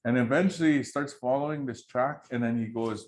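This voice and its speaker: A man's voice: mid-range voice, brisk. A male storyteller telling a traditional tale in a loose, chatty way. He laughs often and keeps checking in with his listeners with "right?" and "you know?". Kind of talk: oral storytelling to an audience.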